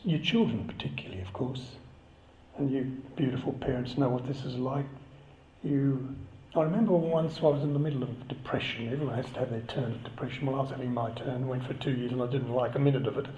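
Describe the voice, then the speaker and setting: A man's voice: mid-range voice, quick pace, mellow, slight background noise. A man giving a chatty, conversational sermon and joking with the congregation. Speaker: preacher. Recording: echoey, slightly dull church recording.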